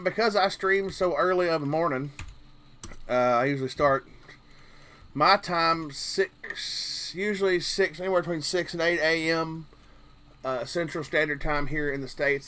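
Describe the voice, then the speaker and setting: A man's voice: a little high, sharp tone. A man from Kentucky with a Southern drawl, hosting a casual live stream and rambling along jokingly with lots of fillers. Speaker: livestream host.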